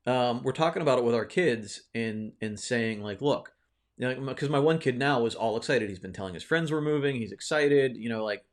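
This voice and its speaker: A man's voice: mid-range voice, a little fast. A man hosting his own video, telling a personal story in a casual, rambling way, with many fillers and restarts, often checking in with "right?". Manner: reflective, encouraging. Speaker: video host.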